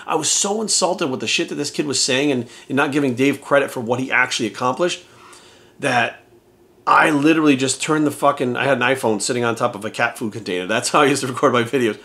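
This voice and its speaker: A man's voice: mid-range voice, fairly bright tone. A man in his thirties, a fitness coach, telling an unscripted motivational story to camera in a blunt, profane, fired-up way.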